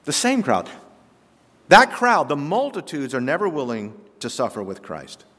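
A man preaching a sermon as pastor, emphatic, with rhetorical questions and sudden swings between loud and soft. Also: mid-range voice, wildly swooping pitch, a little slow. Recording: long reverb of a large hall.

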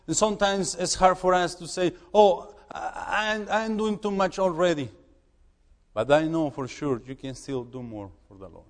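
A man who is a missionary preaching in a church, halting and repeating words as he urges the congregation. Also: fairly high pitch, long reverb tail. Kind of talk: sermon.

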